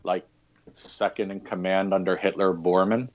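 A man's voice: sits low, flat delivery, moderate pace. A man on a podcast casually telling rambling anecdotes about his past jobs, with lots of fillers and laughs. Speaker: podcast guest, former historic fort coordinator and EMT. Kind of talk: casual interview storytelling. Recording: dull lo-fi remote audio.

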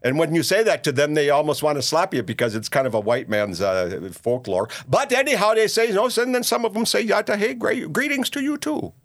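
A man's voice: on the high side, very animated, a little fast, hardly any pauses. An actor playing a rambling, boastful older male ex-radio talk show host with a Minnesota accent, in a comedic monologue. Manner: rambling, boastful, folksy, lots of "you see" and "uh".

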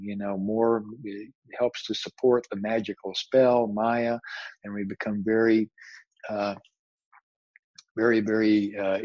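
A man's voice: fairly low pitch, darkish tone, no echo. A man giving a spiritual lecture as a teacher, reflective and searching for his words, often repeating phrases. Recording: dull, slightly muffled recording.

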